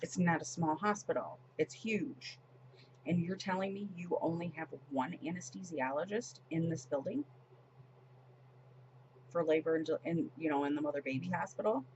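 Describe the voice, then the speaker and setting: A woman's voice: low-pitched, moderate pace, a little mellow, highs cut off, a little hiss or hum. A woman in her forties chatting casually as she decorates her planner, retelling a story with lots of fillers and restarts. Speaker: planner vlogger.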